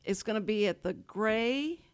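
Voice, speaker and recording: A Houston woman hosts a casual radio-studio talk show, her mid-range voice animated, unhurried, and clean in tone. She rambles and laughs a lot while chatting with guests.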